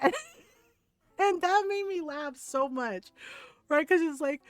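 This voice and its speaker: A woman streamer casually telling a long family story, animated and full of "like" and "right?". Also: high-pitched, measured pace, pauses often, dry recording. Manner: animated, many fillers like "right?". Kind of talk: casual storytelling while gaming.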